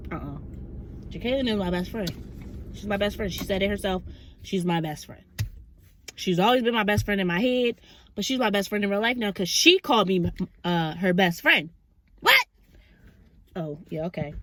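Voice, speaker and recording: Female vlogger, bright tone, faint background noise, animated storyteller. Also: mid-range voice. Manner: excited, animated retelling with quoted asides. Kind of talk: casual storytime vlog.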